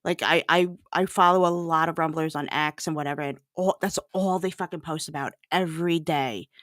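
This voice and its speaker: A woman's voice: sits low, steady tone, fairly quick, fairly bright tone, no room sound, studio quality. A woman talking bluntly and emphatically as a guest on a casual livestream chat, swearing freely and rambling with restarts.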